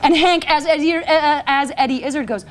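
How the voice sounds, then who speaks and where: A woman guest on a talk show telling an animated, self-mocking anecdote. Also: high voice, brisk, a crowd in the background, noisy background. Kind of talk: casual anecdote.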